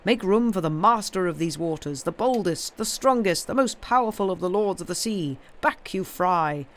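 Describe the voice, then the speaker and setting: A woman's voice: lowish voice, lively intonation, moderate pace, lightly acted. A woman voicing a swaggering little male armored fish who bellows boasts. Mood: boastful.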